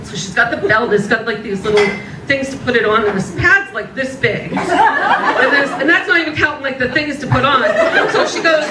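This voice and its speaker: A middle-aged woman doing a stand-up routine on stage, telling stories in a profane, animated way and laughing through her lines. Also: high-pitched, moderate pace, heavy background noise. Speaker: stand-up comedian. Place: comedy stage before a live audience. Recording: roomy, distant mic with loud crowd.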